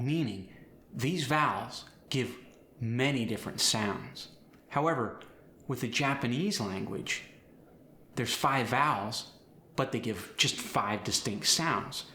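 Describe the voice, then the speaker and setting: A man coaching accents, explaining step by step in a clear, instructional way. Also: medium pitch, bright, forceful tone, reverberant, a little hiss or hum. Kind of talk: instructional lesson.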